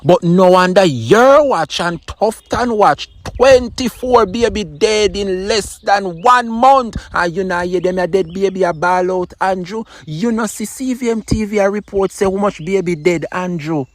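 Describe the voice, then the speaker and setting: A man's voice: high-pitched, measured pace, few pauses, no room sound. A Jamaican man giving mocking, confrontational political commentary in patois. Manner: mocking, confrontational, addresses listener directly.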